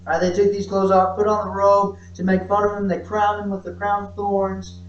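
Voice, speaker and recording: A man's voice: high-pitched, monotone, normal speed, a little hiss or hum. A male pastor preaching a conversational sermon to a small church audience, often checking in with "right?" and asking rhetorical questions. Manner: casual, repeats "right?", asks rhetorical questions. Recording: roomy, distant, dull-sounding church recording.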